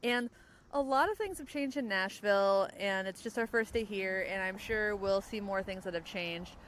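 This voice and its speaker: A young woman hosting a podcast in casual chat, rambling and quick to laugh. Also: medium pitch, fairly bright tone, slight background noise, rough recording. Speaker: podcast host. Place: outdoors, in a parked car.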